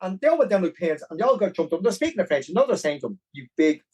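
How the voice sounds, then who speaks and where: A fast-talking man with a Dublin Irish accent tells his story in a casual, rambling way. His voice is fairly high and husky, and it swoops up and down constantly. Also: rough recording. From Ireland. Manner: animated, rambling, with many restarts. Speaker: podcast guest, marathon runner.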